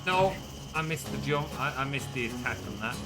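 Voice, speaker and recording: A man's voice: mid-range voice, expressive, normal speed, loud music behind the voice. A British man streaming a speedrun, chatting casually and swearing freely at his mistakes. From Britain. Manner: swears freely, grumbles at the game. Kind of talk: casual gaming stream chat.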